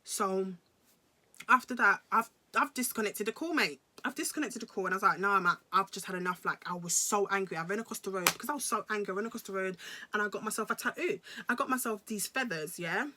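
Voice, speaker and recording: A young British woman with a bright, sharp-edged voice recounts a personal story for her vlog. She talks in an emphatic, slangy way and keeps repeating phrases for effect. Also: mid-range voice, fast talker, a little hiss or hum. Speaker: vlogger.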